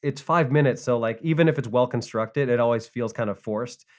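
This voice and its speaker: A man speaks at a middle pitch in relaxed podcast talk. As a guest comedian he rambles in loose, friendly bursts, often restarting his sentences. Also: fairly quick. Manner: chatty, many fillers and restarts. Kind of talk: casual podcast chat.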